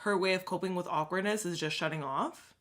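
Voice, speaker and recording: A woman's voice: lowish voice, brisk, a bit bright. A woman co-hosting a casual podcast, giving supportive advice and laughing often. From Canada. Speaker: podcast co-host.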